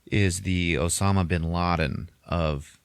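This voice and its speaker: A man's voice: low-pitched, fairly even intonation, takes it slowly, smooth, no echo. A man hosting a podcast, retelling a movie in a rambling, profane way. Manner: rambling, heavy swearing, acts out scenes. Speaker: podcast host. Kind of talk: casual profane movie recap.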